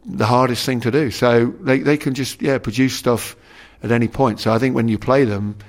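A man's voice: medium pitch, fairly even intonation, normal speed. A middle-aged man and former rugby player, talking as an interview guest in a rambling way, full of restarts and "you know". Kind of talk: casual conversational interview.

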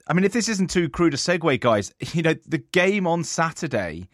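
A man's voice: a little high, big pitch swings, moderate pace, no echo, studio quality. A man hosting a sports discussion in a conversational way, leading with questions. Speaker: host.

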